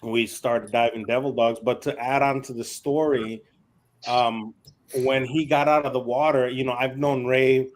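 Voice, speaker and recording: A talkative man telling a story in an animated, laughing way, swearing freely. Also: mid-range voice, measured pace, rough recording. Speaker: podcast guest. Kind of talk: casual storytelling.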